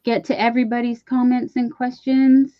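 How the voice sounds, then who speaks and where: A woman co-hosts a relaxed live chat and cheers viewers on. Her voice sits a little high. The sound is dull and lo-fi. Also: moderate pace. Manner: encouraging, reassuring. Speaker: livestream co-host.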